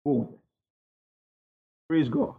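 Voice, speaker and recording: A man preaching a sermon with emphatic call-and-response, asking the congregation to finish his lines. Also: takes it slowly. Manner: emphatic call-and-response, asks the crowd "what?". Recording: dull lo-fi sound.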